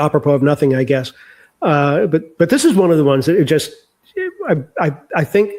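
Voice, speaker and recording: A man's voice: on the high side, a little mellow. An older man speaking candidly and reflectively as an interview guest, sharing his memories. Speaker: author guest.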